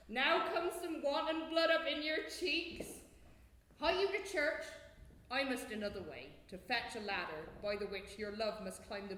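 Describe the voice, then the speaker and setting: A woman's voice: mid-range voice, fairly bright tone, a little hiss or hum. An actress playing a fussy, chattering old nurse on a theatre stage, groaning about her aches. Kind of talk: live stage acting. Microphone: distant room mic. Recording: echoey theatre from far off.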